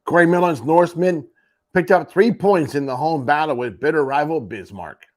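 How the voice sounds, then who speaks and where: In a sports radio rundown, a man hosting the morning show reviews junior hockey standings with wry asides thrown in offhand. His voice is a little high, and his pace is moderate.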